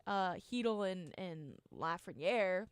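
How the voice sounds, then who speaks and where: A woman's voice: fairly low pitch, slow pace, clear, resonant tone, no echo. Chatty young woman, dry close sound. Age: about 20. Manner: animated storyteller, filler-heavy. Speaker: sports show co-host. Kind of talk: casual sports chat.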